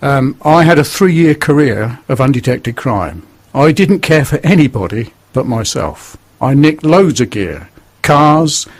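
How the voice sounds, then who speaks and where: Older man, northern English accent, blunt, earnest, radio guest, higher-pitched. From northern England. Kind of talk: testimony on radio.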